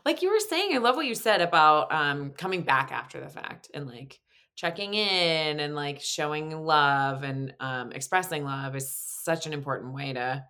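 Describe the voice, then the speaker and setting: Low-voiced woman in casual chat. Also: moderate pace. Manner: warm affirming listener, animated when telling stories, laughs easily.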